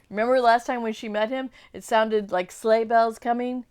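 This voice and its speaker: A woman's voice: fairly high pitch, fairly even intonation, normal speed, few pauses, darkish tone, clear, resonant tone. Woman reading a story aloud to kids. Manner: chatty asides to kids. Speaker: children's ministry storyteller.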